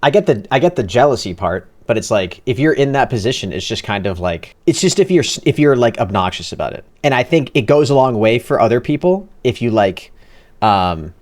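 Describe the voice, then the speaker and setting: A man's voice: medium pitch, lively intonation, a little fast. A man streaming a casual reaction to videos, rambling and cursing as he thinks aloud.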